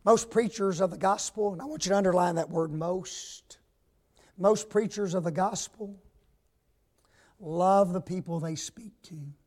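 High-voiced, unhurried male preacher. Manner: emphatic, swings from loud stress to hushed asides; asks the congregation rhetorical questions. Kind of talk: sermon.

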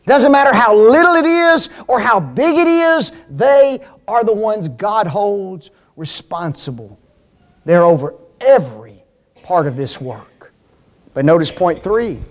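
Male preacher with a high voice, emphatic sermon delivery that dwells on key words. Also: animated. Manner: emphatic, repeats key words slowly, asks the congregation questions.

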